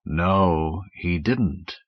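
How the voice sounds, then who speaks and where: A man voicing a sulky alien creature with a thick, slow, rumbling drawl. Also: no room sound, exaggerated voice. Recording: dull, dry audiobook recording.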